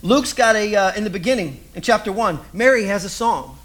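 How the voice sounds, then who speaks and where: A man preaching a sermon in a conversational, animated way, full of rhetorical questions. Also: high voice, a little fast. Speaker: pastor.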